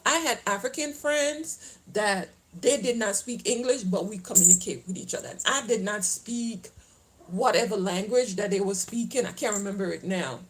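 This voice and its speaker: A woman's voice: medium pitch, moderate pace, poor audio. Chatty Caribbean-accented woman. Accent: Caribbean, mixed with Southern US. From Caribbean islands. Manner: chatty, rambling, laughs often. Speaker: lifestyle vlogger. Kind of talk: casual chat to viewers. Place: outdoors, then heading home.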